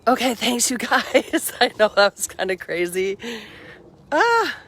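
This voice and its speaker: A woman's voice: mid-range voice, normal speed, a bit bright. A middle-aged woman chatting on a casual livestream, upbeat and rambling, a little out of breath as she walks around outdoors. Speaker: livestream host. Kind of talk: casual live-stream chat. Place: outdoors around her home and yard.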